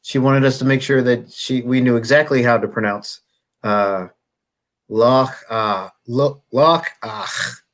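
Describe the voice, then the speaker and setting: A man hosting a casual chat show, easygoing and quick to laugh. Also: mid-range voice, fairly even intonation. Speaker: host.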